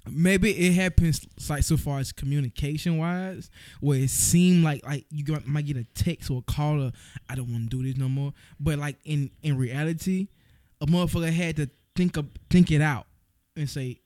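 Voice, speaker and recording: A man's voice: fairly high pitch, fairly even intonation, normal speed, dark tone, no echo, clean studio sound. A drunk young man in casual chat, joking and stammering with slurred speech.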